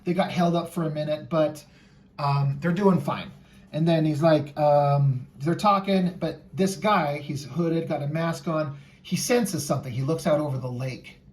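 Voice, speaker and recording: Animated storytelling man. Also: fairly high pitch, unhurried, far from the mic. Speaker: comic artist and writer. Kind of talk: casual podcast conversation.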